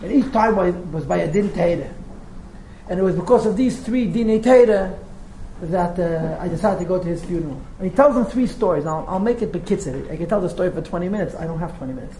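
Roomy-sounding man telling a story. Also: high-pitched. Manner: lively storyteller, quick asides. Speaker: rabbi teaching a class. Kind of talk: storytelling lecture. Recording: roomy echo with faint noise.

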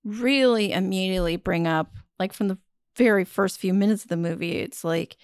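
A woman's voice: mid-range voice, normal speed, smooth, no room sound, studio quality. A woman co-hosting a podcast, reviewing a film in casual chat and laughing often.

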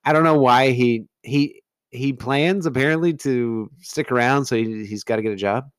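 A man's voice: mid-range voice, moderate pace, clear, resonant tone, no room sound. A man co-hosting a casual movie chat, wry and questioning, who often trails off. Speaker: podcast co-host.

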